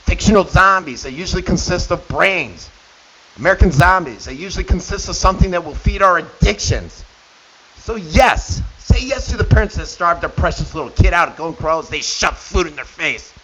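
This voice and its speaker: A man's voice: high voice, animated, moderate pace, a crowd in the background. A middle-aged man hosting a radio show, delivering an indignant opinion monologue with sarcastic asides. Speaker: radio host. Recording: dull lo-fi with faint hiss.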